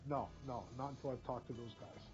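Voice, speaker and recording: Deliberate male tabletop player, lo-fi. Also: medium pitch, steady tone, darkish tone. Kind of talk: tabletop game chat. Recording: dull lo-fi sound with music behind.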